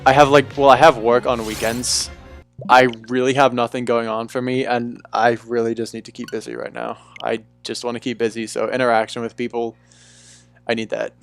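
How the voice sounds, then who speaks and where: A man's voice: mid-range voice, flat delivery, normal speed, gravelly, soft background music. Laid-back young male streamer. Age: young adult. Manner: laid-back, chatty, calls viewers "dude". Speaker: livestreamer. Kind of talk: casual live-stream chat. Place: room at home.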